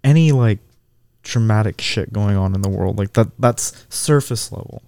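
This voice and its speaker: Podcast co-host, man, dark mellow voice, dry close mic, thoughtful and easygoing. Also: on the low side, normal speed, creaky, smooth, no echo. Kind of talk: casual podcast chat.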